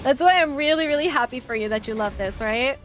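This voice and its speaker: A woman streamer giving casual, chatty, excitable commentary over gameplay. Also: sits high, fast talker, faint music behind. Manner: chatty, excitable, laughs often.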